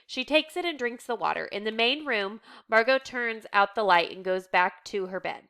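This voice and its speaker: Woman reading stage directions, steady and plain, clear tone. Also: on the high side, normal speed, few pauses. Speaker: reader. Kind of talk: reading a play script aloud.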